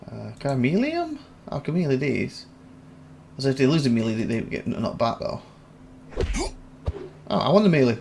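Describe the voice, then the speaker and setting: Excitable gamer, gravelly voice, faint hiss behind, casual commentary. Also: male voice, medium pitch, brisk, long pauses. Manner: excitable, laughs and shouts at wins and losses. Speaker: gaming YouTuber.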